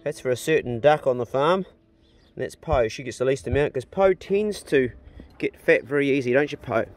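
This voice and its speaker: Chatty and relaxed, a vlogger talks to his dogs and ducks while feeding animals outside on his rural land, calling to them in a raised, sing-song voice. He speaks at a normal speed with medium pitch, and music plays behind his voice.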